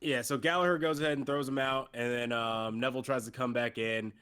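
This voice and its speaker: A man's voice: medium pitch, fairly even intonation, a little fast, fairly bright tone, clean tone. Guy running down the wrestling show, mid voice, cussing, doing little bits of the wrestlers' lines. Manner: recaps events, mimics wrestlers jokingly, swears. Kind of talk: casual podcast chat.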